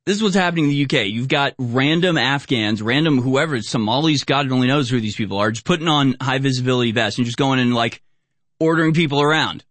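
A man's voice: mid-range voice, fast talker, fairly bright tone, no room sound. Male commentary host, sarcastic ranty delivery, super dry recording. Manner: sarcastic, indignant ranting. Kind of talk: online commentary over video clips.

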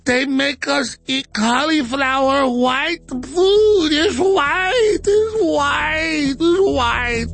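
A man putting on a shrill wailing woman. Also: vocal fry, a bit bright, exaggerated voice. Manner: wailing, exaggerated, drawn-out. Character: whining shrill mocked woman politician.

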